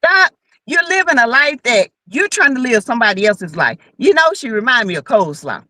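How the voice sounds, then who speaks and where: A woman co-hosting a gossip talk, scolding and sassy in her commentary. Her voice is high and bright and swings widely in pitch. The sound is dry and close. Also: sing-song, a little fast, dry recording. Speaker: co-host. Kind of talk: casual gossip chat.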